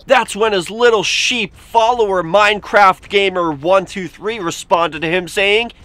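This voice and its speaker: A man hosting a casual vlog, reading comments aloud with animated, sarcastic asides. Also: high-pitched, measured pace, no echo. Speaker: YouTube host. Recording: faint music behind.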